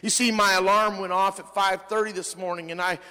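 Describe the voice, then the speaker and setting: A man, a pastor, preaching a sermon with emphatic delivery, dropping low and soft at the ends of phrases. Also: fairly even intonation, a little fast, smooth, long reverb tail. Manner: emphatic preaching, rising in pitch on quoted lines.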